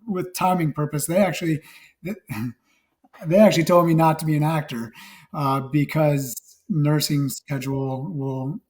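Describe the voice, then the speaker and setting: A man from Wisconsin talks as a guest in a relaxed interview. His voice is low and a little raspy, and it sits a touch higher in pitch than most men's. He rambles, circling back with fillers and restarts. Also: a little slow. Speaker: guest actor and nurse. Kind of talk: casual interview chat.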